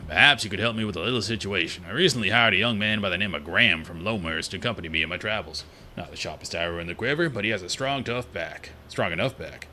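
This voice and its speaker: A man's voice: fairly low pitch, pushed and bright, a little hiss or hum. A man voicing a callous male merchant who speaks in a dry, aloof, formal way while reading game dialogue aloud.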